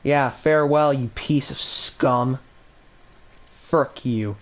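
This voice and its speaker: A young man giving casual, excitable gameplay commentary, trash-talking enemies with mild stand-in swear words. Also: mid-range voice, slow. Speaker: gaming channel host.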